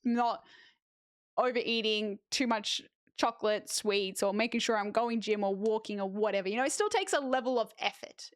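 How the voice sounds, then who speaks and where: A young Australian woman chatting casually with viewers as a streamer, lively with animated asides. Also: fairly high pitch, normal speed, no room sound, clean studio sound. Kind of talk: casual chat reading viewer messages.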